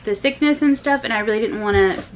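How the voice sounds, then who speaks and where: A woman's voice: on the high side, fast talker, a little hiss or hum, rough recording. A young woman and mother talking casually to her viewers in a family vlog, chatty and full of loose asides. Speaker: vlogger and mother.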